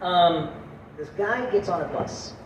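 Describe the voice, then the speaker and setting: Brash male comedian, high voice. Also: takes it slowly. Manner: loud, brash, punchy delivery. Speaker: comedian and show host. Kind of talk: stand-up joke telling to a live audience. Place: outdoor festival stage. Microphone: distant camera mic. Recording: distant, echoey, noisy outdoor recording.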